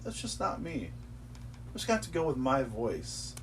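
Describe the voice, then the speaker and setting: A man guest on a podcast, chatting casually in an animated, joking way. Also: medium pitch, unhurried. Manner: animated, joking, acts out quotes. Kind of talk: casual chat. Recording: distant mic with faint hum.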